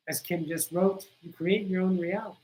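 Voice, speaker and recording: Low-ish, steady and mellow, this woman's voice moves at a moderate pace through poor audio as she hosts a spiritual livestream. She's blunt and preachy with her viewers, swearing freely and repeating points insistently.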